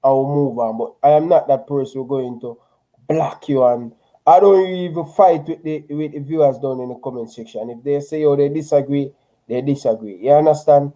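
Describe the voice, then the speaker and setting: A laid-back man hosting a casual livestream, handing out shout-outs to his viewers. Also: fairly high pitch, moderate pace, low-quality recording. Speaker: channel host.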